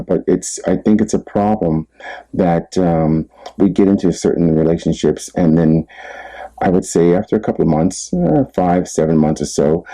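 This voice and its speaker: A man's voice: low voice, mellow, rough recording. A man giving relationship advice in a candid, rambling monologue, laughing at himself now and then. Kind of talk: casual monologue.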